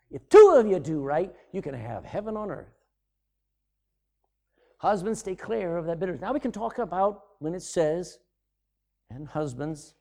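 Animated preaching man, mellow voice. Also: fairly high pitch. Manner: preaching with dramatic swings in volume and sudden drops to a hush. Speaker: pastor. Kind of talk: sermon.

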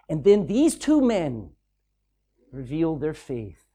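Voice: medium pitch, sing-song, slow, dark tone. A preacher giving a sermon, reading scripture aloud and explaining it in a conversational, folksy way.

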